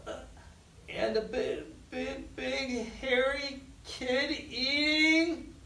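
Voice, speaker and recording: A storybook reader voicing a young boy who brags but is quickly scared, speaking in an excited voice that jumps up in pitch. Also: lightly acted. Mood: frightened. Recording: echoey room, distant mic, faint noise.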